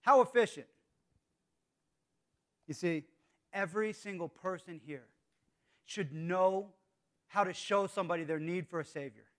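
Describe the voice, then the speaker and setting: A man preaching a sermon as pastor, earnest, swinging between hushed, intimate lines and emphatic calls to the congregation. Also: high voice, normal speed.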